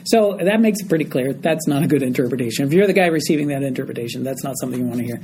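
A man's voice: mid-range voice, animated, racing, darkish tone, slight background noise, rough recording. A man teaching a group Bible study, explaining a passage verse by verse and often checking in with his listeners.

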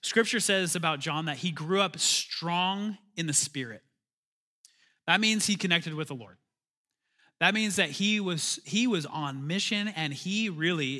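Man, pastor, conversational sermon, bright voice, slightly high pitch, emphatic bursts. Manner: conversational preaching with calls for amen and bursts of emphasis.

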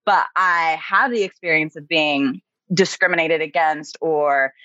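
A woman's voice: deep voice, a little slow, sharp tone, no echo. A woman guest on a podcast, speaking earnestly and reflectively in casual conversation, with many "you know"s. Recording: muffled, dry remote recording.

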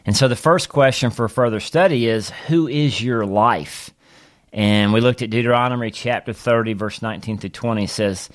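A man, a pastor, teaching a Bible study on a podcast and reading scripture in an earnest, steady way. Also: mid-range voice, moderate pace.

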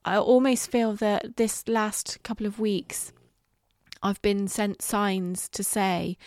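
Woman, middle-aged, solo podcast host; candid, reflective, halting, mid pitch, dry close sound. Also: steady tone, no room sound. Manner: candid and reflective, halting with fillers, some swearing. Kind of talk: casual solo podcast monologue.

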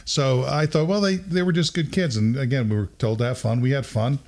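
A middle-aged man hosts a podcast and tells a long, funny story in a casual way. He breaks into laughter and acts out what people said. His voice sits at an average pitch. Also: brisk. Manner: animated, acts out quotes with laughter. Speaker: podcast host.

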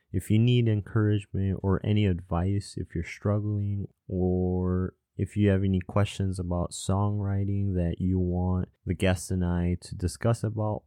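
A man hosting his own podcast, talking in an earnest, encouraging way with soft laughs now and then. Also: low voice, no echo, studio quality. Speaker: podcast host. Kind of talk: casual podcast monologue.

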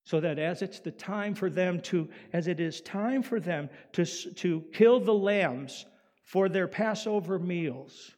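A male pastor preaching a sermon in an animated way, swinging from loud emphasis down to quiet. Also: high-pitched, a little slow. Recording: long hall reverb.

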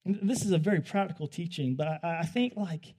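Young guy preaching, high voice, chatty and jokey, trips over his words. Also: breathy edge. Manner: animated, joking, with quick restarts. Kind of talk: conversational sermon.

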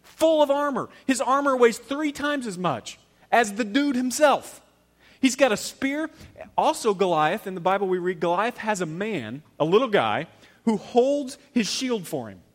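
A man delivers a sermon like a storyteller, acting out what the characters say. His voice sits a little high. He swings between loud, excited bursts and near-whispered lines. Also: normal speed. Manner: dramatic storyteller, swings from loud to hushed, acts out quotes. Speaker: pastor.

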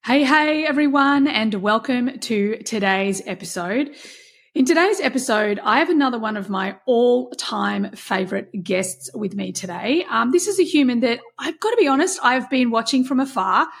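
Gushing, husky-voiced woman host. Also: fairly high pitch, expressive, moderate pace. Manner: gushing, enthusiastic, emphatic. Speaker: podcast host. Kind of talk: podcast intro and interview.

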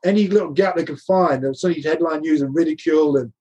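A man's voice: a little high, quick pace, mellow, slightly rough. An older man, a former rugby coach, telling anecdotes in a casual interview, laughing often and restarting his sentences.

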